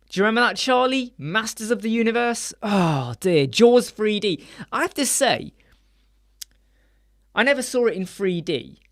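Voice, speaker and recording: Animated man hosting a live chat. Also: high-pitched, moderate pace. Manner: animated, acts out quoted voices. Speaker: live stream host. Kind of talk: casual live stream chat. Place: small dark room with soundproof panels.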